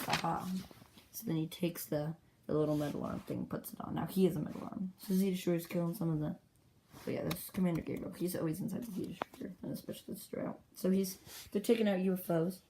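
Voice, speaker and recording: A woman's voice: on the low side, background noise. A woman rambling breathlessly through the story of her homemade comic, popping into squealed character voices. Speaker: comic creator. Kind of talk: casual retelling of a homemade comic.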